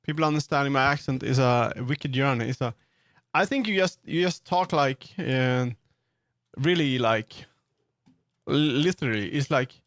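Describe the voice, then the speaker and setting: A man's voice: medium pitch, animated, normal speed, fairly bright tone, dry recording, clean studio sound. A man with a Swedish accent, streaming and chatting casually as he builds in 3D, rambling with many fillers and restarts. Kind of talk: casual live-stream commentary while working in 3D.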